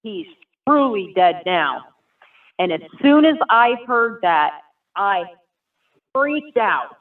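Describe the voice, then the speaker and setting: A woman's voice: mid-range voice, big pitch swings, slow. A woman giving an emotional personal testimony, telling her story earnestly and vividly. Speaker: guest sharing a personal testimony. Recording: tinny phone-like sound from far off.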